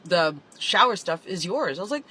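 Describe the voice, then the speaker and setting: A woman's voice: medium pitch, expressive, unhurried, background noise. A woman telling her own story in a candid vlog, emotional and confessional, with lots of "like".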